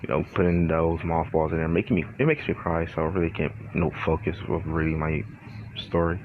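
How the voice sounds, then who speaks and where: A man's voice: a bass voice, fairly even intonation, fairly quick, slight background noise. A young man hosting a casual vlog from a garage, swearing, sighing often and struggling through a bout of hiccups. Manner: sighs often, swears, frustrated and rambling. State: has the hiccups. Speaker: channel host. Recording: dull lo-fi sound with faint ambience.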